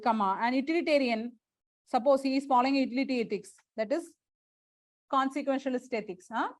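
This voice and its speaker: A woman's voice: high voice, no room sound. A woman teacher, dictating lecture notes to a class, repeating phrases and spelling out words letter by letter.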